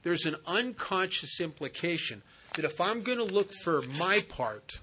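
A man's voice: high-pitched, very animated, unhurried, pushed and bright, a little hiss or hum. A man speaking at a recovery meeting as a sponsor, telling a personal story in an earnest, conversational way.

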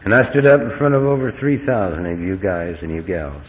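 Middle aged guy, low voice, folksy storytelling talk, muffled old tape w/ a bit of hiss. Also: expressive, brisk. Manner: folksy, earnest, wry humor. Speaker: recovery meeting speaker. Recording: dull lo-fi recording with faint hiss.

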